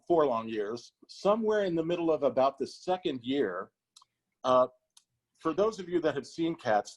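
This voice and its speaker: A man on an online panel, a stage performer, telling a backstage anecdote in a measured, explanatory way. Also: a little high. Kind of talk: casual anecdote.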